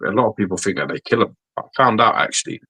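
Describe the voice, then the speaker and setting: Deep, husky co-host with a sweary ramble. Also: male voice, expressive, fast, bright, forceful tone, low-quality recording. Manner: sweary, explains with everyday comparisons. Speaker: podcast co-host. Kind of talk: casual podcast chat.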